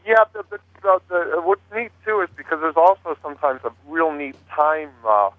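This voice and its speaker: A man's voice: a little high, lively intonation, normal speed, no room sound. Guy calling in on a tinny dry phone line, rambles with lots of uhs and restarts. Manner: rambling, many fillers and restarts. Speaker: paranormal investigator guest. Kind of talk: casual chat on a phone-in talk show.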